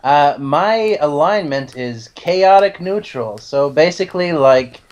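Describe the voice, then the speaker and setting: A man's voice: on the high side, animated, takes it slowly. A man speaking as a player in a tabletop game, hesitant, with many fillers and restarts. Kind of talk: casual chat in a tabletop game.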